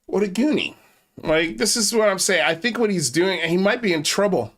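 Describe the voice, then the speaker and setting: A man's voice: high-pitched, brisk, fairly bright tone. A man hosting a casual commentary stream, mocking and profane as he talks. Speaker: host.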